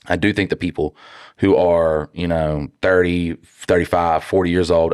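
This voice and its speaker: A very deep-voiced man with a drawl, co-hosting a casual podcast. He rambles, restarts his sentences and swears freely. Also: moderate pace. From North Carolina. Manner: blunt and profane, rambling with restarts. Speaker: podcast co-host.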